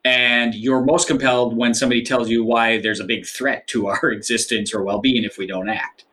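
A middle-aged man speaks as an interview guest. He explains his ideas in a thoughtful, measured way, with frequent fillers and restarts. His pitch sits in the middle range. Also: steady tone, a bit bright. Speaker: guest author. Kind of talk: interview conversation.

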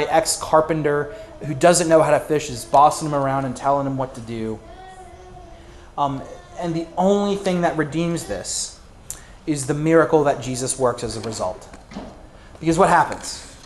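A man preaching in a loose storytelling manner, often stopping with "um" and starting over. His voice sits slightly high, and the room gives it a noticeable echo. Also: a little hiss or hum. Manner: conversational storytelling, frequent fillers and restarts. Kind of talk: sermon.

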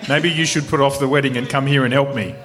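A man's voice: mid-range voice, steady tone, fast, fairly bright tone, pitched below the performer's own voice, close to an everyday voice. A man doing a bossy team captain. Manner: commanding, chuckling.

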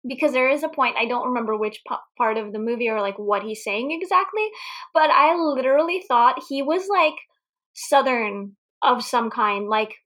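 A young woman with a bright, forceful, fairly high voice co-hosts a laid-back movie recap chat. She jumps into animated tangents, laughs often and swears without a second thought. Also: normal speed. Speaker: podcast co-host.

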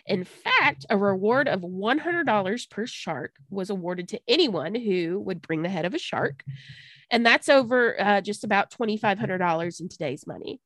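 A woman co-host tells an old story in a loose, chatty podcast way. Her voice sits in a middle pitch and is recorded close and dry. She stumbles over tricky names and breaks into laughs. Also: lively intonation, normal speed, a bit bright, dry recording. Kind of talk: casual history storytelling chat.

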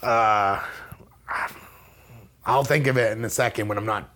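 A man's voice: fairly low pitch, measured pace, a bit bright. A man guest in an interview, telling a story in a rambling, self-mocking way with many restarts. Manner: acts out other people's lines in a raised voice. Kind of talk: casual conversational storytelling.

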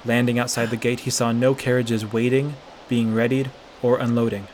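A man reading a fantasy fan fiction chapter aloud with steady, expressive narration. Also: medium pitch, moderate pace, slight background noise.

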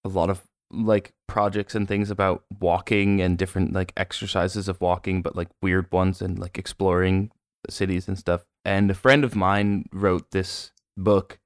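Recorded with clean studio sound and no room echo, this man co-hosts a podcast in a low, level voice at a moderate pace. His casual chat wanders into a rambling story packed with fillers.

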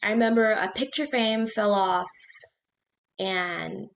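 A woman casually telling personal ghost stories in a chat, animated, talking in quick bursts and acting out her own reactions. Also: mid-range voice, vocal fry, slight background noise.

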